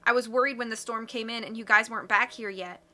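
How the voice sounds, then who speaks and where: A woman's voice: a little high, steady tone, fast, sharp tone. A woman reading the lines of a practical, blunt young woman, in her own voice. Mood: matter-of-fact.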